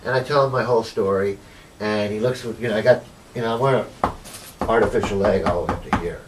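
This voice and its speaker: A man with a lowish voice speaks at a quick pace, recorded from a distance with background noise. Formerly homeless, he tells his life story in an interview, rambling along with plenty of "you know" and retelling what people said to him.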